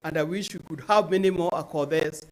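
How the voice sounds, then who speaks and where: A woman's voice: low-pitched, fairly quick, darkish tone, rough recording. A woman giving an earnest spoken tribute at an event. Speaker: family friend giving a tribute.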